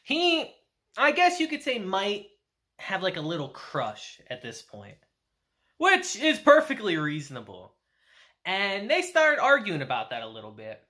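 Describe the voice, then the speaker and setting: A man's voice: high voice, huge pitch swings, measured pace, sharp tone. A young man casually recapping and reviewing an anime episode, chatty and laughing often.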